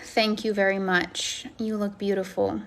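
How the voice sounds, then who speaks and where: A woman's voice: mid-range voice, flat delivery, a little slow, fairly bright tone. A woman coaching and chatting on a phone live stream, effusive and encouraging as she answers comments. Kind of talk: casual live-stream chat, reading comments.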